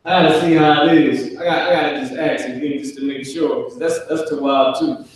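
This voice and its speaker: A man teaching a casual class in a loose, conversational way, acting out family scenes in quick character voices. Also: a little high, steady tone, slight background noise. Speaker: Hebrew language teacher. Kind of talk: casual live online class. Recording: very echoey room, voice from a distance.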